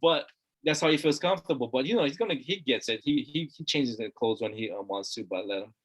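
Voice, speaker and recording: A middle-aged man from Hawaii speaks quickly at a medium pitch. As an interview guest in a casual conversation, he talks earnestly and repeats words for emphasis.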